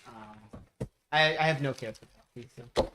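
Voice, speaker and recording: A woman running a tabletop game as game master, narrating scenes slowly and joking with the players. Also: a bass voice, noisy background. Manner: drawn-out descriptive narration, slows down for effect. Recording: echoey room.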